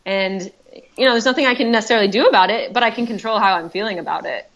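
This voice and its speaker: A woman's voice: medium pitch, racing, fairly bright tone. A woman telling her own story as a podcast guest, chatty and heartfelt, with many fillers and restarts. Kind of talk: personal storytelling.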